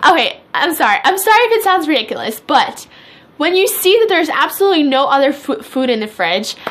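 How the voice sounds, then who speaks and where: A young pregnant woman chatting to camera in a casual vlog, animated and laughing as she tells her stories. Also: high-pitched. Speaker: pregnancy vlogger.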